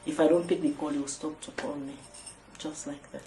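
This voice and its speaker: A woman from Leone, recounting her experiences in a documentary interview with lively, acted-out storytelling. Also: sits low, brisk, slight background noise. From Sierra Leone. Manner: animated storytelling, acting out dialogue.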